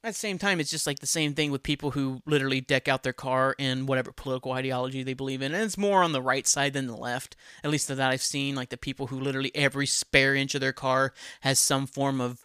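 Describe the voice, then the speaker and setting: A man's voice: mid-range voice, steady tone, fast, few pauses, bright, forceful tone, clean tone, dry recording, studio quality. Blunt, profane male podcast host. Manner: profane, blunt, laughs at own jokes. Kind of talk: casual solo podcast rant.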